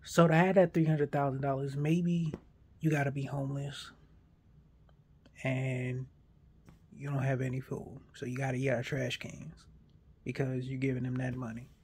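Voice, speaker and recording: A man in a casual monologue, arguing a point in an animated way and acting out imagined back-and-forth dialogue. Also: mid-range voice, moderate pace, long pauses, husky.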